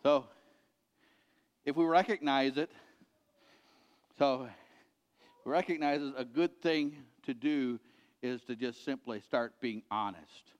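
Earnest preacher with a reverberant hall sound. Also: male voice, medium pitch, takes it slowly, long pauses. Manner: earnest, repetitive exhortation, dropping quiet at ends of points. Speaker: pastor. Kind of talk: sermon.

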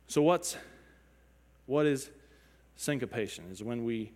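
A man teaching music, explaining beats and counting and humming examples aloud as he goes, now and then clearing his throat. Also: mid-range voice, a little mellow. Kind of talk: spoken lecture with sung examples. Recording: long reverb, hall-like.

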